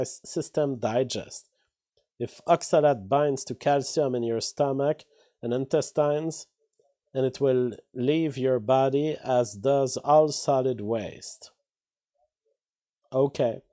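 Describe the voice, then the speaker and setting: A man's voice: mid-range voice, warm tone. A man casually reading headlines aloud and rambling through offhand asides in between. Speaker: vlogger reading news. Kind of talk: casual commentary on read-out headlines.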